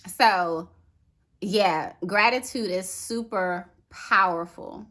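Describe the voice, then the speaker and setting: A woman vlogger chats to her viewers in an animated, personal way. Her voice is bright and clear, sitting at an ordinary pitch for a woman, and she keeps checking in with "okay" and "right?". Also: slow pace. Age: adult with a daughter. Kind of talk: casual chat to camera.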